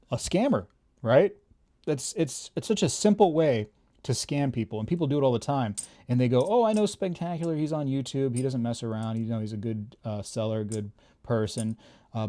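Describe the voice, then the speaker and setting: Casting: male channel host, mellow, relaxed tone, chatty and emphatic, casual to-camera talk. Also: mid-range voice. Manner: chatty, fillers, emphatic warnings. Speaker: YouTube coin and bullion channel host.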